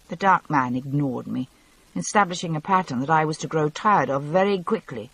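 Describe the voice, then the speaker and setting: A woman narrating a novel audiobook in the first person, measured and wry. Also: deep voice, lively intonation, fairly bright tone, husky, no room sound, poor audio.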